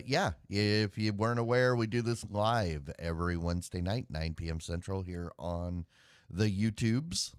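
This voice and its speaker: A man's voice: sits low, no room sound, studio quality. A man co-hosting a live web show, chatting casually and rambling with sighs and filler words. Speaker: podcast co-host. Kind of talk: casual chat.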